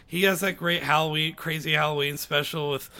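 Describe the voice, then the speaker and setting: A man's voice: on the high side, steady tone, fairly quick, crowd noise. A man co-hosting a podcast in casual chat, wry and teasing. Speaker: podcast co-host.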